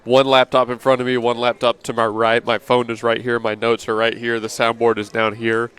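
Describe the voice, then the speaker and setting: Male sports talk host, chatty and brisk, mid-pitched. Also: completely flat delivery, a bit bright, clear, resonant tone. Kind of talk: casual sports radio talk. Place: restaurant.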